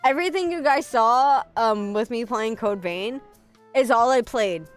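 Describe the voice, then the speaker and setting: A woman VTuber chats casually with her stream audience, profane and self-mocking, reading and answering chat as she goes. Her expressive voice is clean in tone and measured in pace, its pitch leaping around animatedly. Soft music plays faintly behind her.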